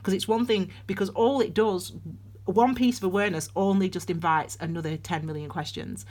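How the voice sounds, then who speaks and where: A woman's voice: medium pitch, a little fast, a little mellow. A woman giving a casual tarot and astrology reading, rambling and chatty with many restarts, calling her viewers darlings. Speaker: tarot reader.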